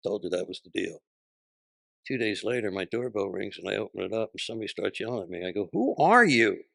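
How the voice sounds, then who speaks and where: A man's voice: sits low, steady tone, fast talker, creaky, dry recording. An older man, a comedian guest, telling punchy, profane anecdotes and acting out voices in an interview. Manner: punchy, profane, acts out voices in his stories.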